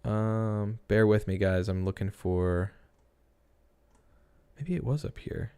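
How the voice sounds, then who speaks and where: A man's voice: lowish voice, takes it slowly, dark tone, clear, resonant tone. A young man hosting a casual true-crime livestream, thinking aloud and rambling with restarts while reading chat. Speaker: livestream host.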